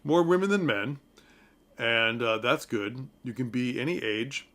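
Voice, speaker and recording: Man, casual talk-to-camera play review, enthusiastic and conversational, mid-pitched, frequent ums. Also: unhurried, fairly bright tone. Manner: chatty, enthusiastic, with frequent ums and asides to viewers.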